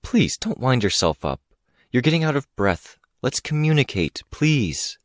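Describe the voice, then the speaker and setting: A man's voice: mid-range voice, very animated, measured pace, dry recording, voice pushed up. Audiobook: male reader doing a composed, insistent mother, lifted voice, clean dry read. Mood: coaxing. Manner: earnest, coaxing, insistent. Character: composed, pleading middle-aged mother. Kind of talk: audiobook character reading.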